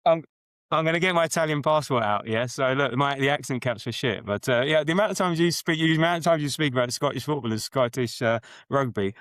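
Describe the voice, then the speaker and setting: A man's voice: mid-range voice, lively intonation, fast, fairly bright tone, no echo, studio quality. A man hosting a podcast in casual chat, jokey and rambling, laughing often. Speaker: podcast host.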